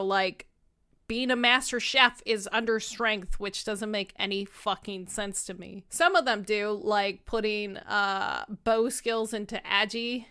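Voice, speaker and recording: A woman's voice: mid-range voice, pushed and bright, clear, resonant tone. A woman in her thirties with a subtle lisp, co-hosting a casual gaming podcast and swearing freely. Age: 30s. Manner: swears freely, fast filler-heavy talk. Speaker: podcast co-host.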